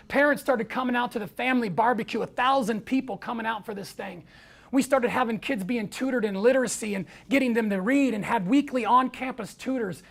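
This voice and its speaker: A man's voice: very high voice, vocal fry. An American man giving an inspirational talk, telling stories and acting out what people said. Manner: storytelling, acts out quoted voices. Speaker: speaker.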